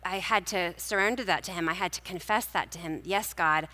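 Woman, devotional sermon, chatty storytelling, bright tone, echoey hall. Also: lowish voice, fairly quick. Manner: conversational storytelling with scripture. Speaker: speaker at a church gathering.

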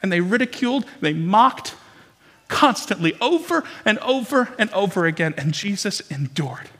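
A man's voice: high voice, sing-song, normal speed, fairly bright tone. A man preaching a dramatic, impassioned sermon as pastor to his church. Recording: long reverb from a large hall.

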